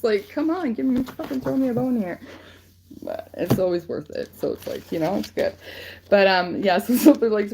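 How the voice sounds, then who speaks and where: A woman giving casual spiritual guidance on a livestream, rambling and swearing freely with lots of fillers. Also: lowish voice. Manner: rambling, profane, filler-heavy. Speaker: spiritual reader channeling guidance.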